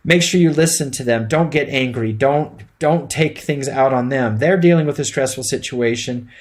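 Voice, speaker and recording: Man, middle-aged, instructor, lecture, conversational, plain-spoken, medium pitch. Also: normal speed, darkish tone. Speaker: EMT instructor.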